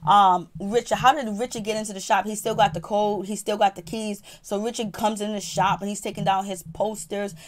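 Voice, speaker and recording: A woman reviewing a reality TV episode in a profane, animated, casual storytelling style. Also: mid-range voice, brisk, few pauses. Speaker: TV show reviewer.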